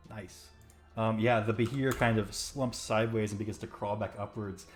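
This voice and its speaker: A man's voice: on the low side, fairly even intonation, normal speed, soft background music. A man narrating as game master for a tabletop roleplaying game, chatty and full of fillers.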